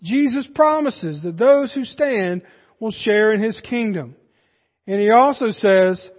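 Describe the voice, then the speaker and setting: A man's voice: sits high, slow. A man preaching a sermon as pastor, earnest and speaking straight to his congregation. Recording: dull recording with long hall reverb.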